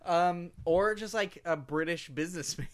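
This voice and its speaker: A man's voice: sits high, normal speed. A man co-hosting a casual podcast, chatty and laughing often. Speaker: podcast co-host. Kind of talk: casual chat.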